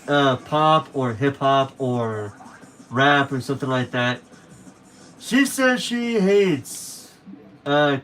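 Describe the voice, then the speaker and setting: A man's voice: a little high, a bit bright, a little hiss or hum. A young man chatting casually to viewers on a late-night stream, rambling and correcting himself as he goes.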